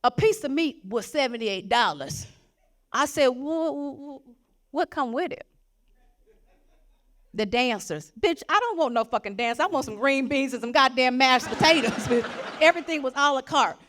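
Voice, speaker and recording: A young adult woman delivering a stand-up routine with a fairly high voice. She tells profane, animated stories and slips into quoted voices as she goes. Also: moderate pace. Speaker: stand-up comedian. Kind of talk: stand-up comedy.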